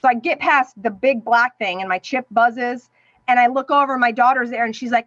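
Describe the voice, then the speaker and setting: A woman's voice: fairly high pitch, moderate pace, dry recording. A middle-aged woman, a podcast guest, telling an emotional personal story and acting out what others said to her. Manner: animated, acts out quoted voices. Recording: dull, dry sound.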